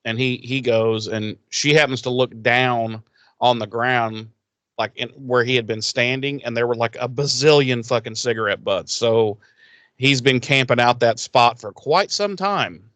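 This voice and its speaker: A man's voice: mid-range voice, a little slow, fairly bright tone, dry recording. Brief: male podcast co-host, rambling profane storyteller, dead-dry sound. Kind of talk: casual episode recap.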